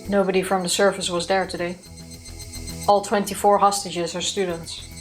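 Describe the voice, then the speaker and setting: A woman's voice: fairly low pitch, level tone, normal speed. Woman reading lines on a let's play, dry jokes, faint music behind. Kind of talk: reading a visual novel aloud with banter.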